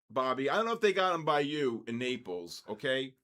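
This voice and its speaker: A man's voice: mid-range voice, very animated, brisk, few pauses, fairly bright tone. Rambling older New man. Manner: rambling, ranting asides between market calls. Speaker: trading session host. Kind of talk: casual live trading commentary.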